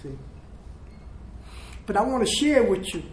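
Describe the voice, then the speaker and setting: High-voiced older man giving testimony. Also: big pitch swings, unhurried. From South Bronx, New York. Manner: emotional, storytelling with quoted dialogue. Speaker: recovery speaker. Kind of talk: personal testimony speech. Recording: echoey room, faint noise.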